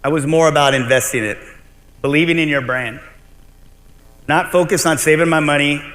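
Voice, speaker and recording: A man's voice: a little high, normal speed, a bit bright. A middle-aged man giving a conference keynote as a restaurant owner, telling his story bluntly and animatedly, with some swearing. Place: large convention hall. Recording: long hall reverb.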